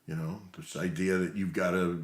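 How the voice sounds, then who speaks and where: Deep-voiced reassuring man presenter. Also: normal speed, roomy sound. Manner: reassuring, calm. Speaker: workshop presenter. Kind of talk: role-play demonstration.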